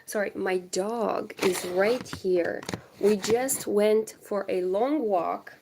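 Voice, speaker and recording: A young woman with a cold, chatting casually with viewers of her crochet livestream from home. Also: mid-range voice. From Moldova. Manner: chatty, distracted, greets viewers. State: has a cold. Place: home indoors.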